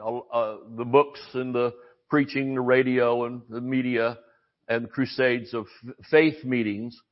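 Older man, folksy preacher, rambles with restarts, middle pitch, slightly dull recording. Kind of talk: sermon.

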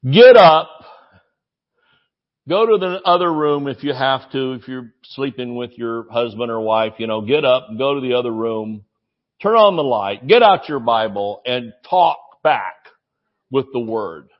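A man preaching a sermon with humorous stories, excitable and often yelling, then dropping to a chatty storytelling tone. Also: mid-range voice, unhurried, muffled recording. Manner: excitable, yells when preaching.

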